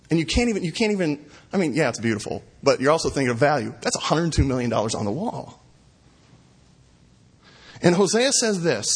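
A man's voice: fairly high pitch, breathy edge. A man preaching a sermon, building emphasis by repeating phrases and acting out quotes with shifts in volume.

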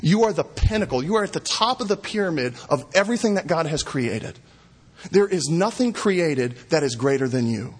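A man with a slightly husky voice delivers a sermon in a fairly high register. He drives points home by repeating short phrases, rising to emphatic peaks and dropping to quiet, drawn-out lines. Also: lively intonation. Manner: dramatic, repeats phrases for emphasis, acts out quotes. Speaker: preacher.

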